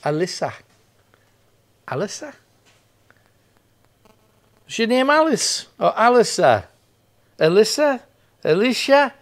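A man hosting a ghost hunt in an old building at night keeps calling out questions to the spirits, first coaxing, then demanding. His voice is very high-pitched and sing-song, and he speaks unhurriedly.

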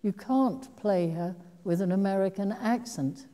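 A woman's voice: mid-range voice, measured pace, mellow, voice pushed up, close to an everyday voice. An older woman putting on the voice of an insistent, scoffing man in a story she tells on stage, stretching out the words with emphasis. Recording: long hall reverb.

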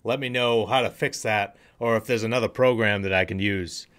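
A man's voice: fairly low pitch, brisk, a bit bright. Man chatting casually to his viewers. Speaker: reaction channel host. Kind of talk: casual reaction commentary.

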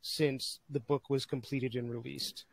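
A man's voice: medium pitch, level tone, unhurried, vocal fry, slightly rough, no echo. A man hosting an interview podcast, encouraging and upbeat with his guest. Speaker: podcast host. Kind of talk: casual interview conversation.

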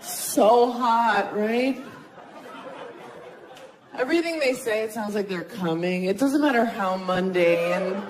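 A woman in her thirties doing a self-mocking stand-up comedy set on a club stage, talking casually and jumping into high squeaky voices for the people she quotes. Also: animated, normal speed, hardly any pauses, rough recording. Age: 30s. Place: comedy club stage before a laughing audience. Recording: live club recording with crowd noise.

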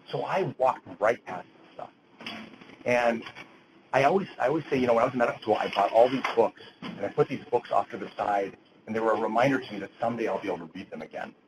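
A man's voice: fairly low pitch, background noise. A middle-aged man lecturing physicians at grand rounds, earnest, quoting literature, with frequent restarts. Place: lecture hall.

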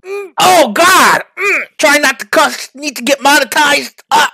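Hyped young-sounding guy, lively bright voice. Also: very high-pitched, unhurried, creaky. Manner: hyped, jokey, bursts into yelps and shouts; addresses viewers as boys and fellas. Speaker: YouTuber. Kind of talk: comedic reaction video.

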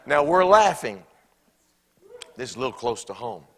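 A man preaching a sermon in a church, animated and bursting into acted-out quotes. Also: mid-range voice, normal speed, a little hiss or hum.

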